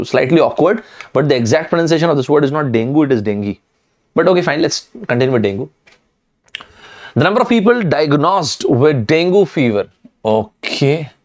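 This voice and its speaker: Guy teaching exam prep live, animated and emphatic, keeps talking straight to the students. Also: on the high side. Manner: lively, emphatic, repeats key words, addresses students directly. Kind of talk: live online lesson.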